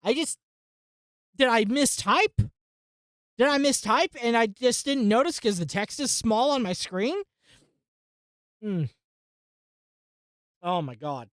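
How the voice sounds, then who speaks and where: A woman hosting a casual tech vlog, talking through a software install and muttering to herself in exasperation, with frequent swearing. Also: on the high side, animated, takes it slowly, pauses often, no echo, clean studio sound. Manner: addresses viewers as folks and guys. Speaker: tech channel host.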